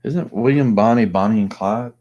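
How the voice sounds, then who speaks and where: A man's voice: on the low side, normal speed, dark tone, lo-fi sound. A man hosting a casual live chat, rambling and thinking aloud with plenty of fillers. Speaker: host.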